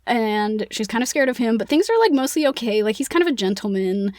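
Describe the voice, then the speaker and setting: A woman's voice: a little high, big pitch swings, brisk, darkish tone, no echo, studio quality. A woman co-hosting a casual book-club podcast, retelling a plot in a chatty, playful way with lots of "like". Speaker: podcast co-host.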